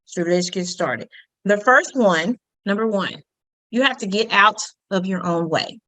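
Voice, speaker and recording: A woman's voice: medium pitch, measured pace, fairly bright tone, dry recording, rough recording. A woman teaching an online communication workshop, chatty and humorous, throwing jokes into her lessons. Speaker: workshop instructor.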